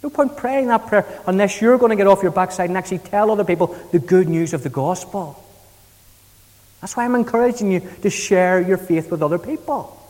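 A man's voice: high-pitched, darkish tone, long reverb tail. A man preaching a sermon, retelling the scripture in a conversational, storytelling way. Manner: conversational storytelling, paraphrasing scripture in everyday speech. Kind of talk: expository sermon.

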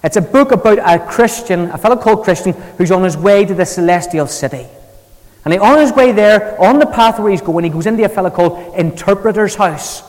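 A preacher delivers a lively sermon in a storytelling way. His voice sits fairly high. It carries a long reverb through a large hall. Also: a little fast.

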